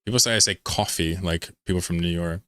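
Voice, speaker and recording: Casting: deep, bright-toned man with a mid-Atlantic American accent, rambling streamer chatter, faint background noise. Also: quick pace. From Pennsylvania, United States. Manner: rambling, jokey, reads chat aloud. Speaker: game streamer. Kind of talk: casual live-stream chat while gaming.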